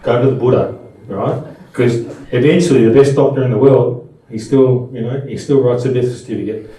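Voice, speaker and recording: Fairly quick and fairly even in intonation, a middle-aged man with a dark, medium-pitched voice gives an anecdotal, conversational talk at a Buddhist seminar before a live audience, restarting frequently. His voice comes from far off in a very echoey room.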